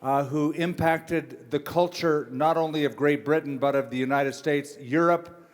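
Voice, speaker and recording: A man's voice: on the high side, fairly even intonation, measured pace. A middle-aged man, a pastor hosting an interview on a church stage, asking questions in a friendly, teasing way. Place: church stage before an audience.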